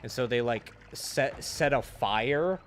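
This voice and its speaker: A man's voice: mid-range voice, lively intonation, slow. A man streaming a game and chatting casually, retelling a story in a rambling, profane way full of restarts. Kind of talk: casual chat while gaming.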